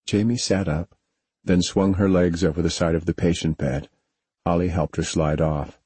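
Low dark husky guy reading a sci-fi book, super dry close mic. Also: fairly even intonation, normal speed, no room sound. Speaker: audiobook narrator. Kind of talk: scripted narration.

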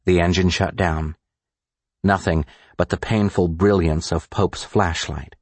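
A male narrator reading a thriller audiobook in a very low, measured voice. His delivery is deliberate and steady. The recording is close and completely dry. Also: no room sound.

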